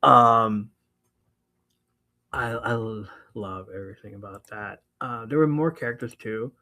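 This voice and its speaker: A man hosting a podcast, casually recapping a book, excitable and laughing often, swearing freely. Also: fairly low pitch, a little slow, rough recording. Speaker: podcast host.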